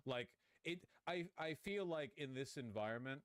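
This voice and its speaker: A man's voice: medium pitch, expressive, normal speed, a bit bright, no echo. A man hosting a live stream, reacting to clips in rambling, profane commentary with frequent restarts. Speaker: streamer host.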